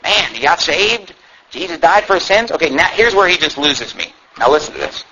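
Animated, fiery preaching man. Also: fairly high pitch, fairly quick, muffled recording, a little hiss or hum. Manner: emphatic, sarcastic, reads tract dialogue aloud in voices. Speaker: pastor. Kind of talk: fiery sermon. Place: church.

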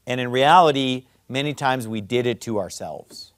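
A man's voice: mid-range voice, moderate pace, no echo. Blunt fiery male preacher, dry sound. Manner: blunt, fiery preaching that swings between loud emphasis and quiet asides. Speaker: pastor. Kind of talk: sermon.

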